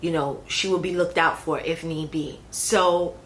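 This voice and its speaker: A woman's voice: deep voice, fairly even intonation, a little slow, fairly bright tone, poor audio. A young adult woman talking casually about her own pregnancy, chatty, with fillers and restarts. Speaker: vlogger. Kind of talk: casual personal storytelling. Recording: faint background noise.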